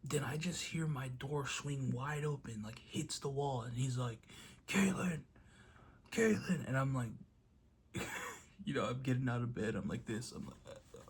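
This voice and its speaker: Speaking at a normal speed with a medium-pitched, steady, slightly breathy voice, a young vlogger talks casually to camera in a motivational video. He tells a story and acts out quotes loudly along the way.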